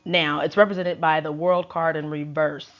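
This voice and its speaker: In a low-sitting voice with flat delivery at normal speed, a woman tarot reader chats through a slangy, wry, casual recap. Faint music plays behind her on a dull lo-fi recording.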